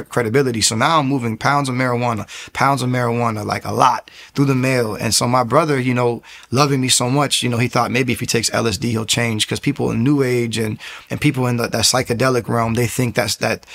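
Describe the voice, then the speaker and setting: A young man tells his faith testimony in a rushed, emphatic stream. He keeps restarting his sentences. His voice is mid-pitched and jumps up sharply at key points. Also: a bit bright. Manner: fast, emphatic telling with frequent restarts and sudden raised bursts. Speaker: former soldier giving a testimony. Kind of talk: personal faith testimony, casual storytelling.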